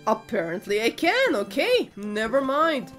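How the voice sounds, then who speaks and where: Slow, musing woman playing a game. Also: a little high, sing-song, a bit bright, soft background music. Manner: hesitant, thinking aloud, self-correcting. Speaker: gaming video creator. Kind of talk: let's play commentary.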